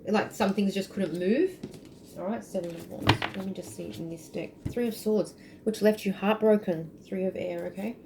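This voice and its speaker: A woman's voice: medium pitch, normal speed, gravelly, background noise. A woman giving a casual spiritual tarot reading, chatty and intuitive, trailing off with fillers, sounding tired. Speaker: tarot reader.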